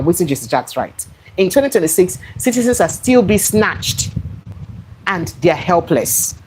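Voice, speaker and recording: A woman's voice: fairly low pitch, darkish tone, a little hiss or hum, poor audio. A Nigerian woman with a Nigerian accent and Pidgin, hosting a live online news show, reading headlines and commenting on them in exasperated asides.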